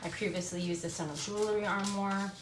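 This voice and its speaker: A woman's voice: mid-range voice, fairly even intonation, brisk. Chatty Canadian woman teaching a craft. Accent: English Canadian. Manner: chatty, talks through each step while working. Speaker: furniture painting demonstrator. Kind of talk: live craft tutorial. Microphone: camera on a stand. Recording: echoey room with background noise.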